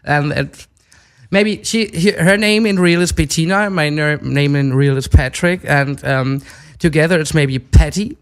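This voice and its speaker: A man's voice: on the high side, a little slow, clean tone. Hesitant German-accented man. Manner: hesitant, searching for English words. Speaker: talk show guest. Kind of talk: casual chat.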